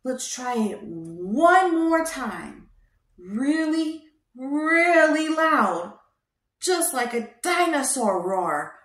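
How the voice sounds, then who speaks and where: A young woman hosting a toddler show, talking in a slow, exaggerated sing-song way to teach small children. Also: sits high, sing-song, a bit bright. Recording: roomy echo.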